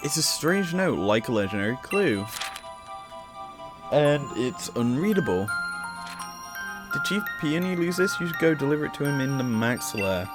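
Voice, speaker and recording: Guy doing a lets play, chatty, reads the game text out loud, game music going behind him. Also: fairly high pitch, very animated, moderate pace. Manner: reads on-screen dialogue aloud between comments. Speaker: gaming channel host. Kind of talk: casual gameplay commentary.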